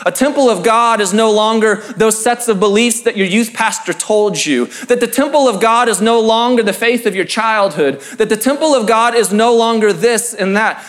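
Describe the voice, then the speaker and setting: A pastor giving an earnest, emphatic sermon-style talk, reading scripture and building through repeated phrases. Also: male voice, high voice, a bit bright.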